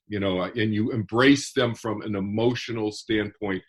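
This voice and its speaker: A man's voice: lowish voice, unhurried, few pauses. A man who is a guest author on a podcast, explaining his ideas earnestly and step by step. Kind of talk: podcast interview.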